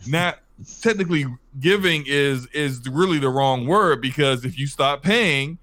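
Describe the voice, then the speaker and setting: A man's voice: a little high, unhurried, fairly bright tone. A man hosting a gaming podcast, making his case point by point with many restarts. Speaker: podcast host. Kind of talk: casual podcast discussion.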